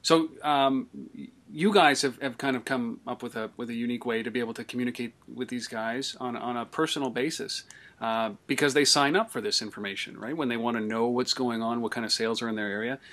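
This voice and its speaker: A man's voice: mid-range voice, fairly even intonation, a little fast, fairly bright tone. Male interviewer, thinking aloud. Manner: hesitant and thinking aloud, with many fillers. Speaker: interviewer, host. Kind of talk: casual interview talk.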